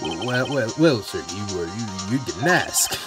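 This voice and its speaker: Jittery stuttering bellboy kid, low and quiet, guy putting it on, game music behind. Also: sing-song, a little slow. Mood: stammering. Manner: stammering, timid, fake foreign accent. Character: nervous young male hotel bellboy.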